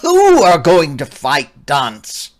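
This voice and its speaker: A woman playing a blustering old gentleman. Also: low voice, huge pitch swings, takes it slowly, exaggerated voice. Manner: blustering, exclaiming. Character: irate old gentleman, hot-tempered father. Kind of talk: stage comedy acting.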